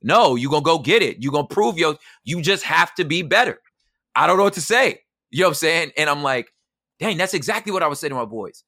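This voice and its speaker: Guy being interviewed, bright punchy voice, slangy and lively, keeps going "you know what i'm saying". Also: a little high, fast talker, no echo, clean studio sound. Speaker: guest; poet and emcee. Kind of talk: casual interview conversation.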